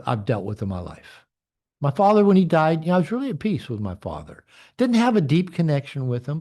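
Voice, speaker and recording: An earnest man in his late sixties speaks candidly to an online group, reflective and open. His voice sits a little high for a man and moves freely up and down as he talks. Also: a little mellow. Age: 60s. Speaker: men's coach and community leader. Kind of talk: personal talk to an online group.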